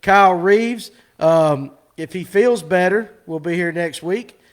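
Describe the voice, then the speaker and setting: A man's voice: high-pitched, slow. A man hosting a live fishing show, rambling and teasing his guests in casual chat.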